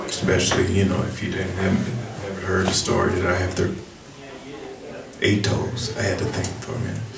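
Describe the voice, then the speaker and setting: A man with a deep voice telling rambling, self-deprecating comic stories at a cafe open mic. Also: monotone, normal speed, gravelly. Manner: rambling, self-deprecating, laughs at his own jokes. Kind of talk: comic storytelling. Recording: roomy cafe, distant mic, crowd noise.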